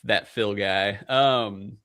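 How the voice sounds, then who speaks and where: A man's voice: on the low side, extremely slow, pushed and bright. A man co-hosting a casual whiskey podcast, joking and rambling with plenty of fillers. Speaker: podcast co-host.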